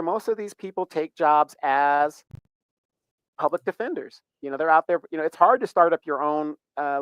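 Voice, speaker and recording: A man's voice: a little high, clear, resonant tone, dry recording, muffled recording. A man talks over a dry, close mic in a casual livestream. He rambles through his points and punches up his questions with emphasis. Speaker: livestream host. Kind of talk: casual commentary.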